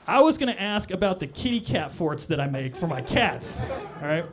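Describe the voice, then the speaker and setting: A man's voice: high voice, expressive, fairly quick, hardly any pauses, slight background noise. A man performing a stand-up comedy set on a club stage, with a loose, rambling delivery full of "all right?" asides.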